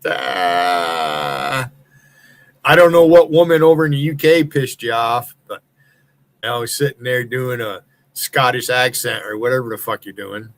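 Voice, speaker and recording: A man's voice: mid-range voice, normal speed. A man from the United States hosting a livestream, ranting in a heated, profane, accusatory way. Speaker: livestream host. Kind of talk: angry profane rant.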